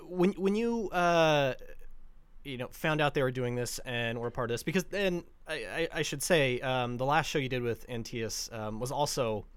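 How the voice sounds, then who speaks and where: A man's voice: medium pitch, moderate pace, clear, resonant tone, no room sound. A man interviewing an actor, asking long questions with many restarts and fillers.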